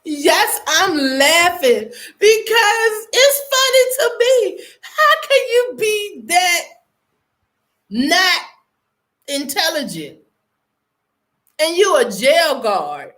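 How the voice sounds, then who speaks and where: A woman's voice: very high voice, very animated, a bit bright. A woman from the United States, hosting her own online show and chatting casually about news, playful and laughing, drawing her words out for effect. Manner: playful, laughing, drawn-out dramatic delivery.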